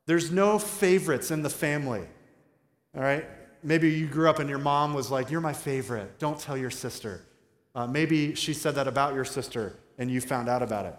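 A man in his thirties preaching a sermon in a conversational, joking way, asking the congregation questions. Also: on the high side. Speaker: pastor. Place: large church hall. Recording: roomy hall with long reverb.

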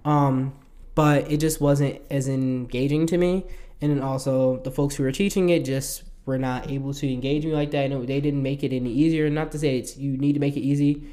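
A man's voice: mid-range voice, steady tone, fairly quick, dark tone. A young man hosting his own podcast, talking casually in a rambling way and laughing often. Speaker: podcast host. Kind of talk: casual solo podcast monologue.

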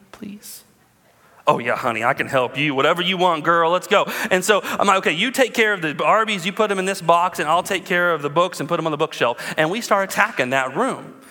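A pastor in his thirties preaches a sermon, telling stories with animation and calling out to the congregation. His voice is fairly high, and a long reverb tail trails his words.

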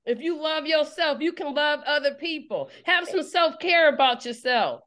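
Fiery high-voiced woman preacher. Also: lively intonation, normal speed, a bit bright. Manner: preaching with rising call-and-response intensity, repeats phrases. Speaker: preacher leading an online service. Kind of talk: fiery sermon.

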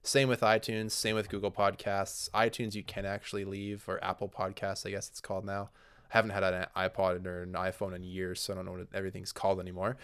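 Canadian guy cohosting, low smooth voice, laid back, rambles a bit. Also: fast talker. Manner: relaxed, informative, rambling asides. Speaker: podcast co-host. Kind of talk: casual podcast chat.

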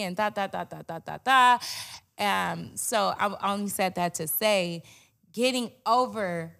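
A woman's voice: mid-range voice, moderate pace, gravelly, pushed and bright. A young woman, a guest in a candid interview, talking bluntly and animatedly and swearing freely.

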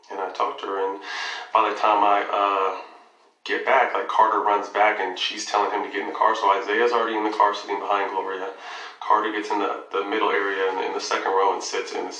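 Heard through a distant mic in a roomy space with the highs cut off, a fairly low-voiced man tells a lengthy personal story as a guest. He's casual and profane, swearing often and performing the lines of dialogue with lively energy.

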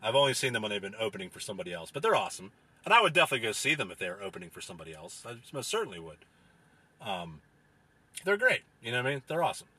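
A young man ranting casually with profane, rambling talk and many fillers, sometimes mocking people in a whiny high voice. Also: big pitch swings, racing, sharp tone, slightly rough, dry recording. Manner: mocks others in a whiny falsetto.

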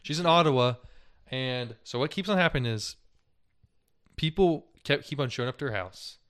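A young man co-hosts a casual podcast, retelling news stories in a loose, chatty style full of "like" and "dude," laughing frequently. His mid-range voice is animated, a bit bright and smooth, at a moderate pace.

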